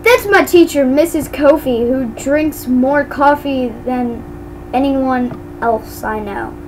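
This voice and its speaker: A woman's voice: sits high, slow pace, noisy background. A woman giving casual commentary while playing a game, chatty and giggly, tripping over her words. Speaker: gamer.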